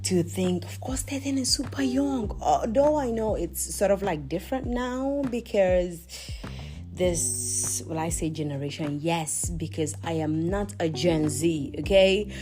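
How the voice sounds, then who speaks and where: A woman's voice: fairly low pitch, unhurried, faint music behind. A woman, hosting a podcast and telling a confessional story in a chatty way, full of laughing asides where she talks to herself. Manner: animated, self-talking, laughing asides. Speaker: podcast host.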